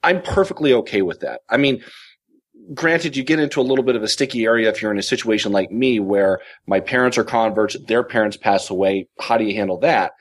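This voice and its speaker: A man's voice: fairly low pitch, a little fast. A man on a podcast panel telling a long, heated story in a casual, ranting way. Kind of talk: casual chat.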